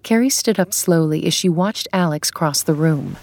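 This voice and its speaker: A woman narrating a suspense audiobook in a steady, measured way. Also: low-pitched, no echo.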